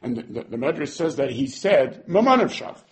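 A man teaching a scripture class in an animated way, repeating words as he goes and weaving in Hebrew terms. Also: medium pitch, normal speed. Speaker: Torah teacher.

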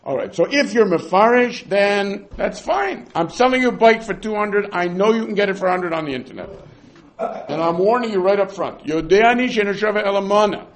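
A man's voice: high voice, animated, a little fast. A man teaching a Talmud class, explaining the rules with acted-out buyer and seller examples and Hebrew terms.

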